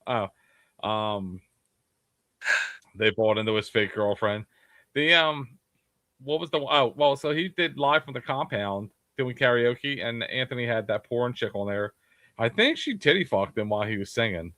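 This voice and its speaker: Bright-voiced rambling podcast co-host man. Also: mid-range voice, expressive, moderate pace, dry recording. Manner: rambling, hesitant with many ums. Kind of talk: casual banter, storytelling.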